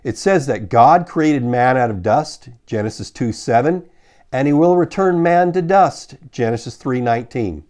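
Man preaching a measured sermon. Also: mid-range voice, lively intonation, a little mellow. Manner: measured, slows to read scripture. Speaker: pastor.

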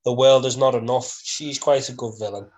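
A man's voice: mid-range voice, steady tone, moderate pace, a little mellow. Chatty man. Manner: chatty, self-mocking. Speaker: podcast co-host. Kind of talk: casual chat.

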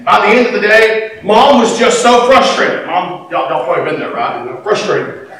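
A middle-aged pastor, preaching a sermon in a folksy, conversational way. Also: male voice, high-pitched, sing-song, normal speed, fairly bright tone, slight background noise. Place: church sanctuary. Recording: echoey church from a distant mic.

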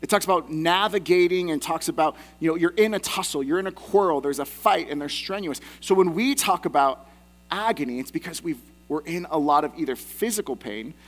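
A man's voice: fairly high pitch, brisk. A man in his thirties, a pastor preaching a sermon in a conversational, self-deprecating way with personal asides.

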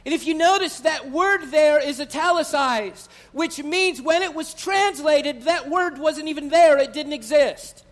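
A man's voice: very high-pitched, measured pace, few pauses. A male pastor, praying and then preaching a sermon in a church, stretching key phrases as his intensity builds. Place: church sanctuary.

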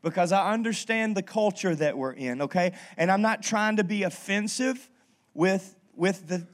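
A pastor giving a sermon in a humorous, chatty way, often restarting his sentences. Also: high-pitched.

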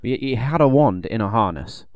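A man's voice: medium pitch, expressive, moderate pace, smooth, dry recording, clean studio sound. A man co-hosting a podcast in casual chat. He rambles, jokes and trails off mid-thought. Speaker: podcast co-host.

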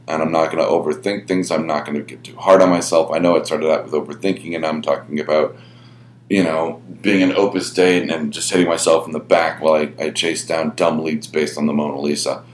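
A man's voice: extremely low pitch, fairly even intonation, brisk, reverberant. A man hosting a podcast in a casual solo monologue, rambling and reflecting on himself with many fillers. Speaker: podcast host running a podcast network.

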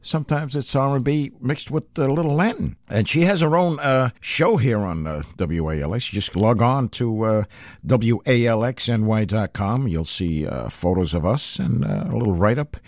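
Older radio host with lively pitch. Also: male voice, moderate pace, no room sound. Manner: lively, rambling, filler-heavy. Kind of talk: casual radio chat between records. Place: radio studio.

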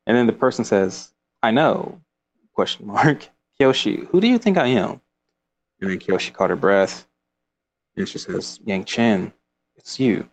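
Taking it slow with long pauses, a man in a lowish voice casually discusses a book and reads passages from it aloud. He rambles, laughing often and using lots of fillers.

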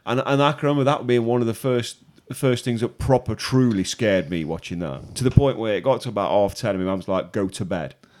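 A man's voice: medium pitch, quick pace, hardly any pauses, darkish tone. A man, co-hosting a podcast in casual, sweary, rambling chat. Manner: sweary, rambling, laughs often. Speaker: podcast co-host.

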